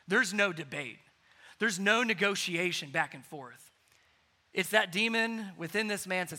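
A man preaching a sermon, animated, moving between loud emphasis and hushed, quiet points. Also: high voice, measured pace. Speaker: pastor.

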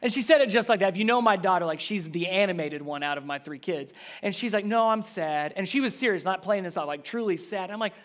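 A man in his thirties, a pastor preaching a sermon in a conversational way. He goes quiet and low on key lines and climbs high and loud when telling a family story. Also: quick pace, hardly any pauses.

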